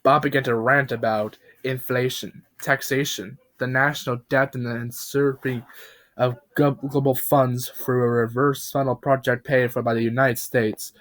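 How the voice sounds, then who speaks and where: A man narrating a parody creepypasta in a mock-serious, deadpan tone with dramatic pauses. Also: mid-range voice.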